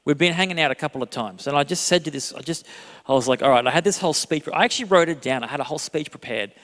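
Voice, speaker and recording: A man in his thirties preaching a sermon as a pastor, telling a self-deprecating story with animated delivery and frequent laughter. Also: fairly high pitch, very fast. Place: church hall. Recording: long hall reverb.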